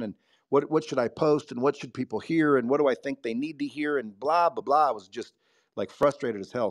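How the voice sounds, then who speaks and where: A man's voice: fairly low pitch, darkish tone. Blunt, profane man telling a story. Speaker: guest speaker. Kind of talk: casual storytelling on a live audio chat.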